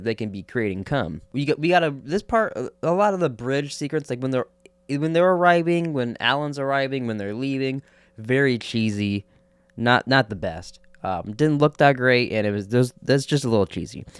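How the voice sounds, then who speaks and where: A man giving a casual spoiler review of a TV episode, excitable, swearing a lot and laughing often. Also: medium pitch, smooth, dry recording.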